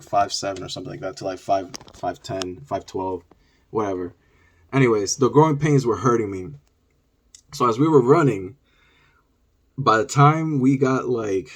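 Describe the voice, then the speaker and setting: Ny guy vlogging a story, husky voice, says like a lot, animated. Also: lowish voice. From New York. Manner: animated, many "like" fillers. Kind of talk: storytelling vlog.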